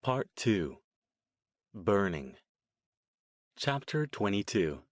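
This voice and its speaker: A man reading an audiobook as narrator with steady, even storytelling. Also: on the low side, very slow, no room sound. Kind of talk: scripted narration.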